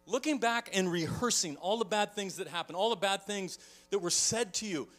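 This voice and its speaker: A man preaching a sermon in a church, telling a story with lively energy and acting out the people in it. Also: high-pitched, moderate pace, soft background music. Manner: animated storytelling, acting out shouts. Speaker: pastor.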